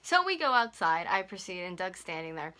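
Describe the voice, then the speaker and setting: A young woman in her twenties tells a storytime to her camera at home. Her voice sits a little low yet comes out bright and forceful. She talks fast and heatedly, packing in "like" as she goes. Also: sing-song. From North America. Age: 20s. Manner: fast, heated retelling full of "like". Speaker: YouTuber. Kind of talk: storytime vlog. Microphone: camera on a stand.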